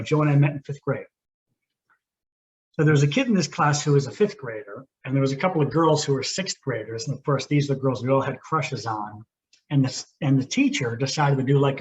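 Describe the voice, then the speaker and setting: A man in his fifties, a podcast co-host, telling stories in casual chat in a reflective, thoughtful way. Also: medium pitch. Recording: muffled lo-fi with faint hiss.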